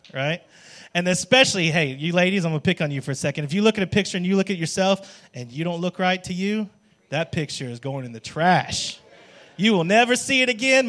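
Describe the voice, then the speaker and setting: A male worship pastor with a somewhat high, slightly bright voice delivers a jokey, conversational sermon. He keeps checking in with "right?" and calls on the congregation as he goes.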